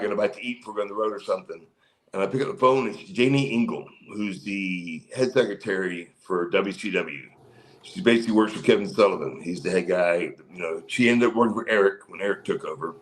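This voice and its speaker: A former pro wrestler in his fifties tells stories as an interview guest, his voice on the low side and the recording rough. He rambles, with fillers and restarts, and acts out the people he quotes in a livelier voice.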